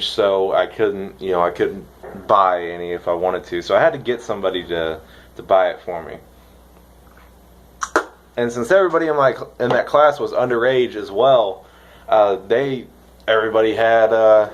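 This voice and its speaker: A young man from the United States rambling excitedly in a casual vlog, swearing now and then. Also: lowish voice, normal speed, highs cut off. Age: young adult. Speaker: vlogger reviewing dip.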